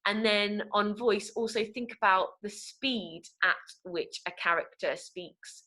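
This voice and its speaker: A woman's voice: mid-range voice, slow pace, few pauses, pushed and bright. A young woman from England with a Nottingham accent, teaching an online acting workshop in a chatty way, with many ums and restarts. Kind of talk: online webinar talk. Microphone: video call.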